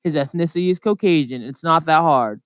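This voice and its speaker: Co-host, casual podcast chat, smooth clear voice, dry close sound, rambly with lots of "like" and "um". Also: mid-range voice, brisk, a bit bright, dry recording. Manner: rambling, filler-heavy storytelling.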